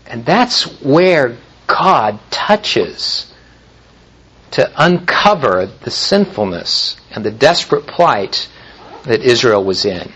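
A man preaching a sermon in a measured way, with frequent pauses and restarts. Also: medium pitch, very animated, a bit bright, slightly rough, low-quality recording. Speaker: pastor.

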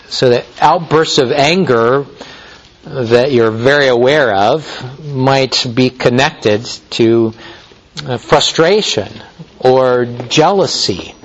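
Slow-speaking male pastor. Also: medium pitch, a little hiss or hum, poor audio. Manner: measured teaching delivery with frequent restarts. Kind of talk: sermon.

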